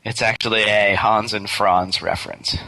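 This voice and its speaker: A middle-aged man talking as the guest in a casual interview, relaxed and hesitant, with many fillers and restarts. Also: lowish voice, normal speed, poor audio. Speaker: interview guest, game developer.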